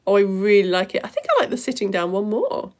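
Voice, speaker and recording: A woman, an online science teacher chatting casually and warmly reading out viewer comments during a live stream. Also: medium pitch, huge pitch swings, fast talker. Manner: chatty and effusive, reads comments aloud.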